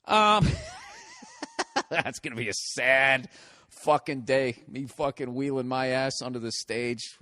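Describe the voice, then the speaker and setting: A man's voice: mid-range voice, a bit bright. A male comedian in a profane, exasperated comedic rant.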